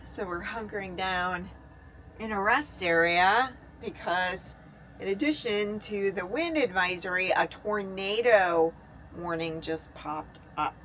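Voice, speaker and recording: A woman talking frankly to her camera in a casual travel vlog, recorded on a handheld phone in her truck at a highway rest area. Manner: frank, confiding, lively ups and downs. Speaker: vlogger traveling solo by truck camper. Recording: noisy with wind and vehicle sounds.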